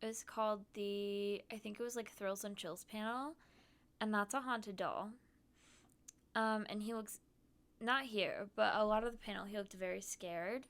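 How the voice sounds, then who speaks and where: A woman's voice: mid-range voice, fairly even intonation, normal speed, fairly bright tone. A woman streamer chatting casually about her trip while showing photos, bubbly and giggly with lots of "um" and "like".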